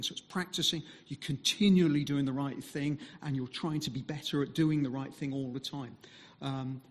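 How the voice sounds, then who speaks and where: A man speaking as a visiting mission speaker, giving a conversational sermon full of pauses and fillers. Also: fairly high pitch, fairly bright tone, big-room sound. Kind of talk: sermon talk.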